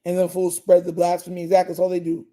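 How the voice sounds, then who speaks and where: Emphatic young man with a dark, flat voice. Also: high voice, quick pace. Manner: emphatic, repeats phrases, slangy. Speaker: host of a fan live stream. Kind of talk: casual live reaction chat.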